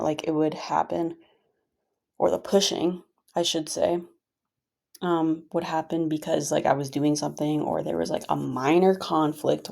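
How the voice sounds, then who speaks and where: A woman's voice: low voice, gravelly, dark tone. A woman vlogger venting casually to her viewers, frustrated and rambling with many fillers.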